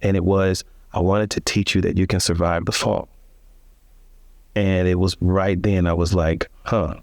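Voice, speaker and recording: Guy with a lowish voice telling his story in an interview, earnest, restarts a lot, dry close sound. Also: level tone, unhurried, creaky, darkish tone, dry recording. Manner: earnest, reflective, with frequent restarts and emphatic rises. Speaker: interview guest.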